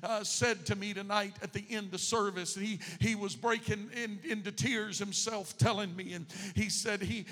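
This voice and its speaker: A man's voice: high voice, steady tone, moderate pace, few pauses, long reverb tail. A man preaching a sermon as pastor, telling a story with rising emotion and fervent outbursts. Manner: emotional, building to fervent shouts.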